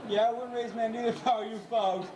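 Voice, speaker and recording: A man's voice: very high voice, steady tone. Male stage trainer, teasing showman patter, taped from afar in a noisy, roomy venue. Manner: playful, jokey, gives quick dog commands. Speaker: animal trainer and show host. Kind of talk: live stage show patter. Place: live animal show before an audience. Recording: echoey, distant, crowd noise, amateur camcorder. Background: audience cheers and laughter.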